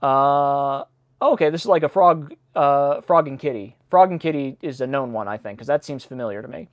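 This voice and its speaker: A man's voice: mid-range voice, moderate pace, no echo, lo-fi sound. A man hosting a read-along, reading old nursery rhymes aloud and breaking off with chatty, self-deprecating asides. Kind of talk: casual read-along with commentary.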